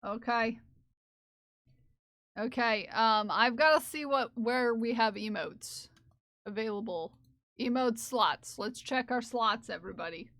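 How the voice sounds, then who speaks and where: Playful, slow-talking woman streamer. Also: on the high side, a bit bright, no room sound. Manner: playful, giggly, talks to chat. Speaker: live streamer. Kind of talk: casual livestream chat.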